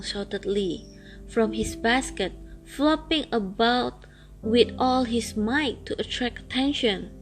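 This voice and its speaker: Slow woman reading a folk tale. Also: on the high side, faint music behind. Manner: slow, even reading aloud. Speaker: storyteller. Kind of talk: storybook read-aloud.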